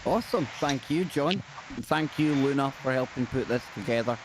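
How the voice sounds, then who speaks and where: A man's voice: mid-range voice, normal speed, noisy background. A man with a Scottish accent hosting a live talk show, bantering in a jokey, self-deprecating way. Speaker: host. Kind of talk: casual live-show chat.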